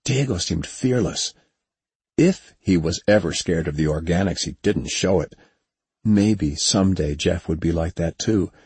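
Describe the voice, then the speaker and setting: Male audiobook narrator, low and husky, even unhurried read. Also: no echo.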